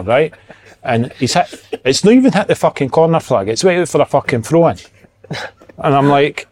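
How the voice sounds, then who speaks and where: A man from Edinburgh with a Scottish accent, a podcast guest and former footballer, telling sweary, animated stories in casual chat. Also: fairly high pitch, normal speed. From Edinburgh, Scotland.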